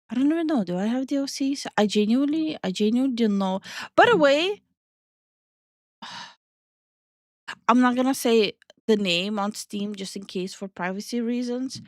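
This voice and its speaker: A woman's voice: medium pitch, dry recording, studio quality. A young woman streaming live, chatting casually with her viewers and reading their messages aloud. She is playful, laughs often and swears offhandedly. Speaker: streamer and VTuber host.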